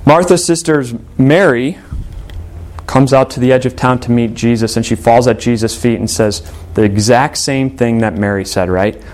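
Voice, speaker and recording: A male pastor delivers a sermon at an ordinary, mid-range pitch. He reads scripture aloud and presses his listeners with earnest rhetorical questions. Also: moderate pace, darkish tone.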